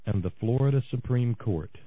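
A man on a talk radio show, tearing into a political rant that swings from low, biting asides to shouted outbursts. His voice comes through thin and phone-like, with no room around it. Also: normal speed, no echo. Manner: ranting, shouting in bursts, sarcastic. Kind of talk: impassioned political monologue. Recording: tinny phone-like radio sound, dry.

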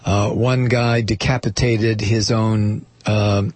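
A man hosting a talk radio show, musing aloud in a halting way with many fillers and restarts. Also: on the low side, level tone, a little mellow, dry recording.

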